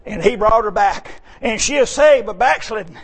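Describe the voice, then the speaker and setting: A male preacher telling a story in a folksy sermon, swinging between hushed tones and shouts. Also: high-pitched, expressive, normal speed, slightly rough.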